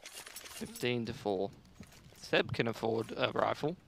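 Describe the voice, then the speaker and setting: A man with a gravelly voice giving measured, dry analysis of an esports match and dropping wry asides. Clear noise sits behind his voice. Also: mid-range voice, lively intonation. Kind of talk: esports colour commentary.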